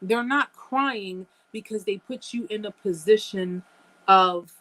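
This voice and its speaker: A woman's voice: medium pitch, takes it slowly, fairly bright tone, low-quality recording. A woman hosting a live chat, talking emphatically to her viewers, repeating phrases and calling them guys. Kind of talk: casual live-stream chat.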